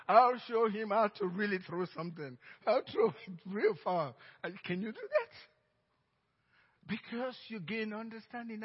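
A middle-aged man with a Nigerian accent preaching a sermon as pastor, telling stories emphatically and swinging between loud outbursts and hushed asides. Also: high voice. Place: church sanctuary. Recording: dull reverberant church recording.

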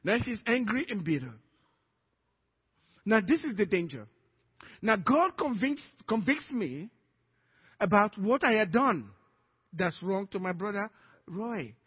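Husky high-voiced preacher with Nigerian accent. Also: male voice, a little slow, pauses often, long reverb tail. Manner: animated preaching, acting out quoted dialogue. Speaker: pastor. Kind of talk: sermon. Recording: dull lo-fi sermon recording.

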